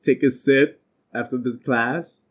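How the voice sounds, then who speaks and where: A man's voice: medium pitch, slow pace, husky. A man teaching an informal bible class, telling stories from his working life and acting out the voices of the people in them. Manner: animated, acts out quoted voices, streetwise New York slang.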